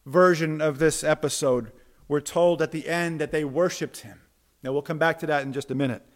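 High-voiced animated male pastor preaching. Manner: animated preaching, acts out quoted voices, drops to soft emphasis. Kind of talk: sermon.

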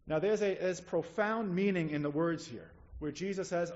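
A man preaching a sermon who retells a scene in vivid detail and slows down to stress key words. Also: high-pitched. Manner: vivid storytelling, slowing down for emphasis. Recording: slightly dull lo-fi recording.

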